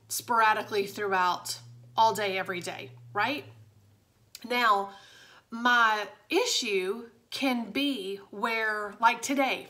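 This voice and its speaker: Bright-voiced woman giving pep talk. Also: on the high side. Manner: chatty, confiding, addresses viewers directly. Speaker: direct sales director. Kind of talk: casual motivational vlog.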